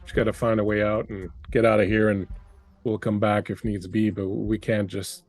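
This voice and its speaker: Man playing a protective mutant leader, firm and folksy, lowish voice, tabletop game. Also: little pitch movement, moderate pace, a little mellow, dry recording. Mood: urgent. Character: steadfast protective mutant leader of wounded captives.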